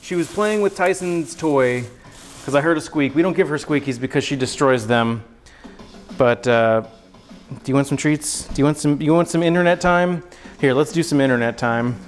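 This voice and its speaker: A man's voice: a little high, moderate pace, soft background music, low-quality recording. A man hosting a cooking livestream from his home kitchen, chatting to viewers in an upbeat, slangy, self-deprecating way. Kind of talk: casual livestream chat while cooking.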